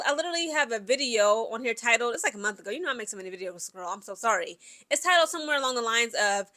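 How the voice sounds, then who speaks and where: A woman with a high, bright, sharp voice talks through sports gossip in a casual vlog. She is opinionated and emphatic, speaks straight to her viewers, and keeps checking in with "okay?". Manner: chatty, keeps asking "okay?" and addresses viewers directly. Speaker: sports commentary vlogger.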